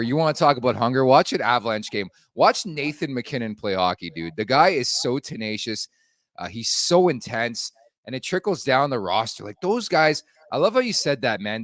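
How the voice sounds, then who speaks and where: A man's voice: mid-range voice, no room sound, studio quality. Blunt, casual male podcast host. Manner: blunt, casual, swears freely.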